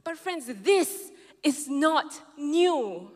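A woman's voice: high-pitched, sing-song, very slow, a little mellow. A woman pastor preaching a sermon, telling a personal story and quoting others in changing tones. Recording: long reverb of a large hall.

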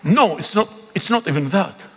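Male pastor, Greek native speaker, lively sermon delivery with a husky edge, reverberant sanctuary. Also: high voice, normal speed. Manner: animated preaching, pleading and swelling to calls. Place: church. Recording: long echo of a big hall.

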